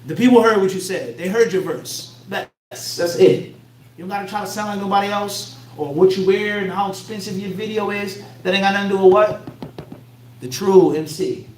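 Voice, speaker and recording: High-voiced Philadelphia man lecturing in an echoey room. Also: moderate pace. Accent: Philadelphia American. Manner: fills in blanks with rhetorical "what?" questions; blunt, streetwise phrasing. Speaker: Islamic teacher. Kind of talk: religious lecture to a class. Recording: echoey room, mic far off, faint hum.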